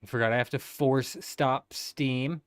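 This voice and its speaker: A man's voice: mid-range voice, steady tone, unhurried, clean tone, no room sound, clean studio sound. A man in his thirties chatting casually on a gaming livestream, laid-back and rambling, swearing freely.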